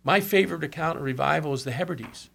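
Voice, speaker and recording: A man with a slightly high, fairly bright voice speaks quickly with vocal fry. In conversation, he earnestly tells stories about revivals, quoting other people and dropping in brief asides.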